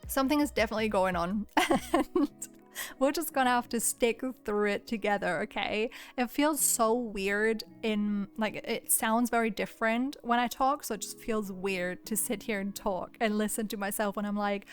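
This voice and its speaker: A young woman in her twenties recording a casual chatty voiceover from home, her voice weak and cracking, speaking in a subdued, rather monotonous way and laughing often. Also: mid-range voice, normal speed, soft background music. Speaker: video creator.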